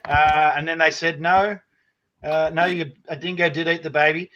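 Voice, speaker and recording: Laid-back Australian bloke on a dull call. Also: male voice, on the high side, fairly even intonation, normal speed, pushed and bright. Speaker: comedy performer guest. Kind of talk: jokey panel banter.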